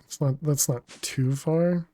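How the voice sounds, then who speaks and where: A man streams a game in an unhurried, chatty way, musing over his moves and answering viewers between laughs. His voice is mellow and low-key at an ordinary pitch, recorded close and dry. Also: dry recording. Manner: chatty, thinks aloud and answers chat messages; laughs often, relaxed and unhurried. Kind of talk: casual gaming livestream commentary.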